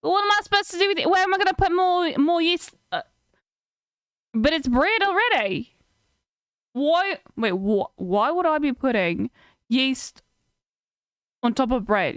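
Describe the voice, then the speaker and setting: Woman doing a put-on New Zealand accent, jokey Kiwi woman, pitched up high, smooth clean voice, rambling. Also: lively intonation, measured pace, long pauses, fairly bright tone, no room sound, studio quality. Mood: playful. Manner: raised-pitch, playful, rambling.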